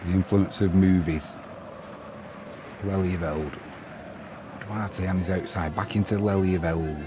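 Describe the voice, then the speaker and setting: A man's voice: low-pitched, steady tone, measured pace, noisy background. A man giving live football commentary on his own, mixing play-by-play with opinionated chatty asides and replies to viewers. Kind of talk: live solo match commentary while reading viewer chat.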